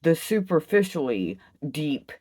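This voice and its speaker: Fiery, swearing woman ranting. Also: very animated. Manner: intense, emphatic, heavy swearing; swings from loud outbursts to low, drawn-out musing. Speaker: vlogger. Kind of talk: impassioned solo rant.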